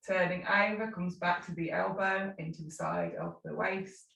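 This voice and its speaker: A woman teaching a live tai chi class, calmly cueing slow movements with unhurried asides. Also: fairly low pitch, gravelly. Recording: echoey room, mic at a distance.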